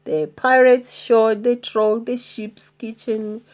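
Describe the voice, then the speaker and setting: A woman reading a children's storybook aloud in an expressive, deliberate manner. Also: a little high.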